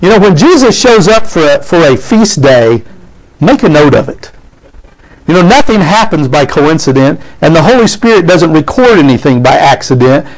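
Lively preacher man with a higher voice. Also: moderate pace, low-quality recording. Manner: lively preaching, calls out "amen?" to the congregation, reads scripture aloud. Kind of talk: sermon.

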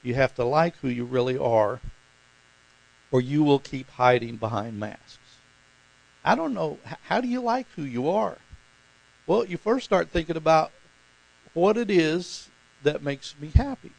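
A man's voice: a little high, animated, a little slow, creaky, pauses often, poor audio. A man preaching a conversational sermon as pastor, talking informally and putting questions to his congregation.

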